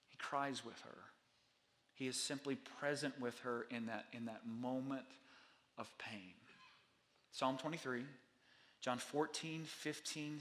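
Man, pastor, sermon, earnest, repetitive, softens key lines, mid pitch. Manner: earnest, repetitive preaching cadence that drops soft on key lines.

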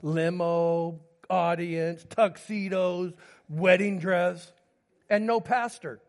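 A man's voice: high-pitched, steady tone, takes it slowly. A man in his fifties, a pastor preaching a sermon and telling personal stories that move between humor and grief. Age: 50s.

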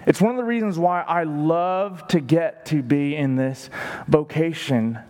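A man's voice: on the high side, unhurried, darkish tone. A man preaching a sermon as pastor, emphatic and stretching words for stress. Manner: emphatic, varies his pace for stress. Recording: long hall reverb.

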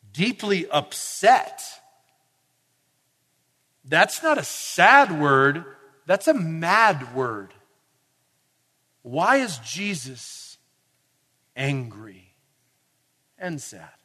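A man with a high, bright voice preaches slowly and deliberately, talking with his listeners and asking them questions. His voice carries a long reverb, as if he were in a large hall. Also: very animated, husky. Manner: conversational preaching, asks the audience questions, rises to forceful emphasis. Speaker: pastor. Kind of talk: sermon. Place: church or camp meeting hall.

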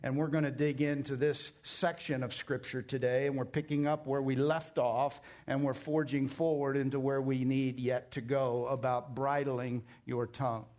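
A middle-aged man preaching a sermon as pastor, emphatic and climbing higher when he presses a point. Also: little pitch movement, normal speed, few pauses, a little mellow.

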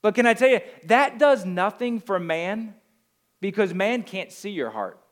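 A pastor from the Northeastern US with a New Jersey accent, preaching a sermon with emphatic rhetorical questions. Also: male voice, high-pitched, expressive, unhurried.

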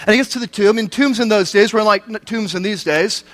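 A man's voice: sits high, a little fast, fairly bright tone. A man preaching a sermon, retelling a scripture story in everyday speech with rhetorical questions to the listeners.

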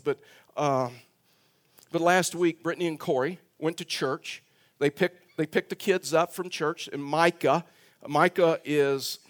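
An older man preaching a sermon as pastor, emphatic and repetitive, telling a family story in church. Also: fairly high pitch. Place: church sanctuary.

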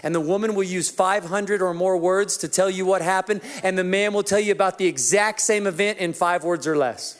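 A man's voice: high voice, a little fast, hardly any pauses. A man preaching a sermon as pastor, telling self-mocking stories about his marriage with humor.

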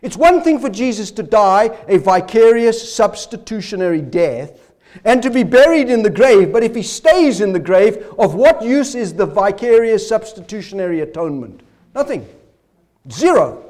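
Hoarse preacher with a lively, high voice. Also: male voice, moderate pace. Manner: expository preaching with rhetorical questions, coughing. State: hoarse, voice failing. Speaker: pastor. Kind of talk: sermon.

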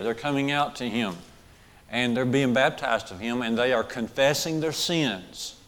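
In a large hall, a male preacher with a medium-pitched voice delivers his sermon. Frequent "okay"s and questions aimed at the audience let him check in with them, while repeated key phrases add emphasis.

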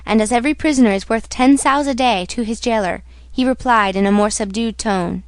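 A woman narrating a classic novel in a measured audiobook reading. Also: on the high side, clear, resonant tone, no echo. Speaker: audiobook reader. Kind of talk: scripted narration.

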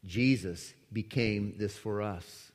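A man preaching a sermon with dramatic emphasis, swinging from loud declarations to hushed lines. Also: lowish voice, slow pace. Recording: echoey hall with long reverb.

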